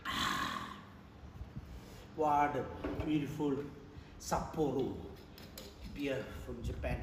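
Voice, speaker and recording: A man's voice: a little high, expressive, normal speed. A man, hosting a comic show-and-tell vlog at home, full of mock amazement. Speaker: vlogger host. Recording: echoey room with background noise.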